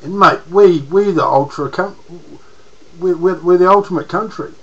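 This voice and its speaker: A man's voice: high-pitched, moderate pace, lo-fi sound. A man with a New Zealand accent, rambling in a casual monologue to camera as a political vlogger, restarting his sentences often and using slang.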